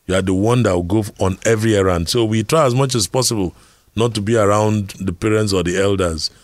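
A man's voice: on the low side, fairly quick, dry recording, studio quality. A middle-aged Nigerian man giving an earnest talk on communication, telling personal stories and asking rhetorical questions. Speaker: speaker on communication skills.

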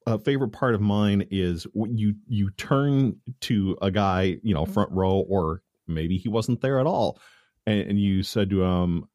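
A man hosting a podcast interview, speaking in a measured, thoughtful way. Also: fairly low pitch, darkish tone, no echo, studio quality. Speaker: podcast host.

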